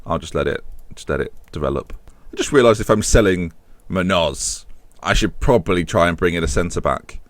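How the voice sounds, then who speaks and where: A young man with a British accent, chatting casually and mocking himself while he plays a football management game, now and then slipping into silly high character voices. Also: moderate pace, no room sound. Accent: British English. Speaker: gaming YouTuber.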